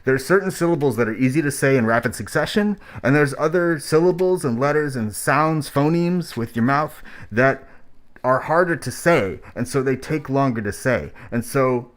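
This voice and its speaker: A man's voice: medium pitch, animated, normal speed. A man streaming, giving blunt, profane, rambling critique of rap tracks.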